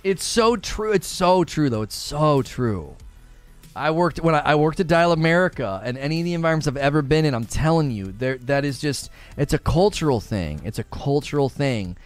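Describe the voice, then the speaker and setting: A man's voice: on the high side, expressive, fairly quick, few pauses, dry recording, faint music behind. A young adult man chatting casually on a live stream, talking with animation and laughing often.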